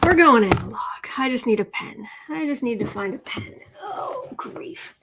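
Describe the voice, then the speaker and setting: A woman's voice: a little high, lively intonation, fairly quick, background noise. A woman hosting a casual live stream as a tarot reader, rambling, talking to herself and greeting viewers by name, often dropping into whispered asides.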